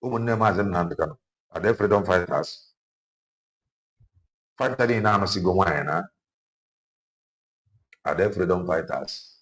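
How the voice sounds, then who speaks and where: Nigerian man, lowish voice, emphatic repeating commentator in a car. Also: moderate pace, long pauses, fairly bright tone, rough recording. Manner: emphatic, repeats phrases for effect. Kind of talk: casual spoken commentary mixing Igbo and English.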